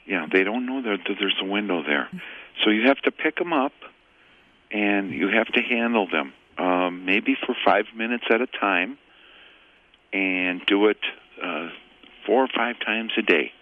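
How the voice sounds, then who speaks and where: Deep-voiced man on a phone line. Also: unhurried, slight background noise. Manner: relaxed, plain-spoken, with fillers. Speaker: pet store owner and guest. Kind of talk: radio call-in advice.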